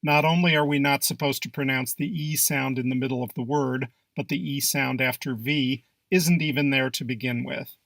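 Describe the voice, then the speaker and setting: A man delivers a scripted English pronunciation lesson in an even, measured way. His voice is bright and edged with a gravelly fry. The recording is dry and close, with no room sound. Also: medium pitch, dry recording. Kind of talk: scripted narration.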